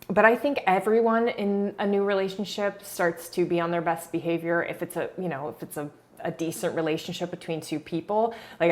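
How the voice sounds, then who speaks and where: A woman with a slightly low voice talks through a reality show scene in a loose, chatty way. She hedges and restarts her thoughts as she goes. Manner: chatty, hedging, frequent restarts and soft laughs. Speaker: reality TV commentator. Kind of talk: casual video commentary.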